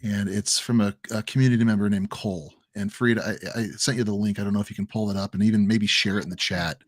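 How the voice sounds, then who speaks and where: A man's voice: lowish voice, fairly even intonation, fast, dry recording. A man from the American Midwest, co-hosting a crypto livestream, telling an emotional story with many restarts and repeated words. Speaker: crypto stream co-host. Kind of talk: casual livestream chat.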